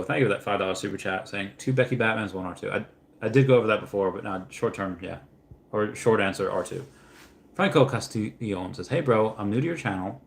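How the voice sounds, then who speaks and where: A male streamer with a fairly low voice chats casually through a livestream. He reads viewer comments aloud and trips over his words, repeating the first words of a sentence before getting going. Between comments he wanders off into long stories. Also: vocal fry. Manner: reads out chat messages, then rambles into anecdotes; frequent stammered restarts. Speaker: livestream host answering viewer questions.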